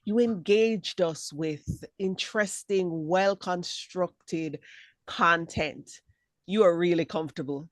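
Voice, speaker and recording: A woman giving spoken feedback as a speech evaluator on a video call, encouraging and lively, acting out examples as she talks. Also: on the low side, slow pace, no echo. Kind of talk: spoken feedback at an online meeting.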